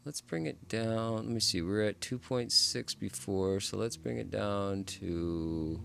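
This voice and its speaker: A man hosting a music production tutorial, explaining step by step in a relaxed, casual way as he works. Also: lowish voice, measured pace, creaky, clean tone. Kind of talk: casual screen-recorded tutorial.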